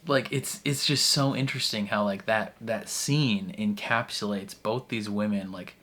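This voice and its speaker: A man's voice: fairly low pitch, steady tone, unhurried, a bit bright. A man hosting a reaction video, talking through an episode in a rambling, casual way, full of "like" and restarts and laughing often as he goes. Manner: rambling, filler-heavy with frequent "like" and restarts.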